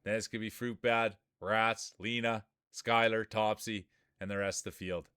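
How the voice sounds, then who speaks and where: A man's voice: on the low side, fairly even intonation, moderate pace, sharp tone, smooth, no echo, studio quality. A man streaming live, doing playful, joking play-by-play commentary on marble races and chatting with viewers.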